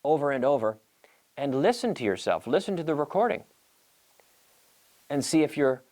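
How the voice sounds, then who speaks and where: A lively man teaches English on a show, his pitch swinging widely as he talks. He is playful and drills sounds slowly, slipping in Spanish phrases. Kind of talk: lively televised English lesson.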